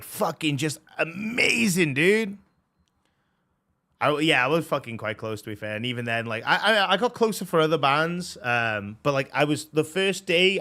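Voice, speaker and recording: A young man chatting casually as a streamer, excitable and swearing a lot, with plenty of fillers. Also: medium pitch. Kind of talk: casual chat.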